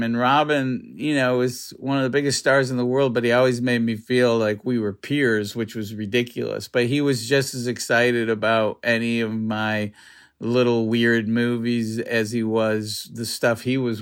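A middle-aged male comedian talking casually in a radio interview, halting, full of restarts and "you know", soft and reflective. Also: medium pitch, clean tone. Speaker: comedian guest.

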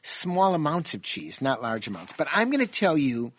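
A man's voice: a little high, normal speed, breathy edge. An American man talking casually on a radio show as a nutrition guest, chatty and jokey. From United States. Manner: chatty, jokey, animated storyteller.

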